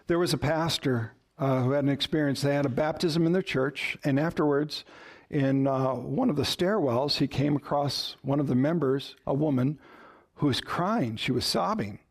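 A pastor giving an animated sermon, telling stories and asking the congregation questions. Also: male voice, on the high side, moderate pace. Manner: animated storytelling with audience questions.

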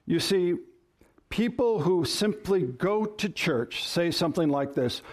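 A male pastor delivers a sermon with a somewhat high voice. He preaches emphatically, slowing down and stressing single words to drive each point home. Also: animated. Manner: emphatic, varies stress and pace for effect.

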